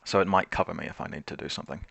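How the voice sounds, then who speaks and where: A man narrates his tabletop wargame turn over a call, weighing each move aloud and changing his mind as he goes. His voice sits low with a gravelly rasp. The sound is dry and close. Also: racing, fairly bright tone, no echo. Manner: thinks aloud through moves, hedging and self-correcting. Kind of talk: casual game commentary. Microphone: remote call.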